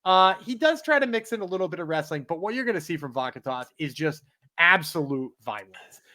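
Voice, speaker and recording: A man co-hosting a betting podcast, breaking down fighters in a relaxed, rambling way full of fillers. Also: on the high side, fairly quick. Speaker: podcast co-host. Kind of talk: casual analysis chat.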